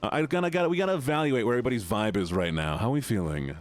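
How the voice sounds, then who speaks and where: A man live-streaming a game, chatting casually with his viewers, greeting them by name and reacting loudly to the game. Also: mid-range voice, rapid-fire, faint music behind. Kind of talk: casual live-stream chat while gaming.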